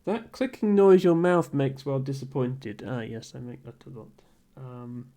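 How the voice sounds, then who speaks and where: A man streaming a word game and chatting casually with viewers in a dry, amused way, thinking aloud with soft chuckles and ums. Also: mid-range voice, moderate pace.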